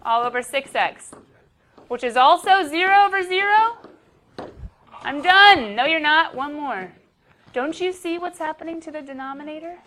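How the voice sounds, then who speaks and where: A woman's voice: high-pitched, normal speed, a bit bright. Playful chatty woman teaching math. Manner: chatty, playful, talks to herself while teaching. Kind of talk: classroom lecture. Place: classroom. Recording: faint background noise.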